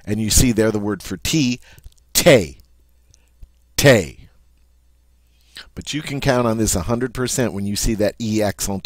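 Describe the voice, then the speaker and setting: Low-voiced man teaching a language lesson. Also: darkish tone, no echo. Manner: patient, checks in with "all right?". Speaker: French teacher.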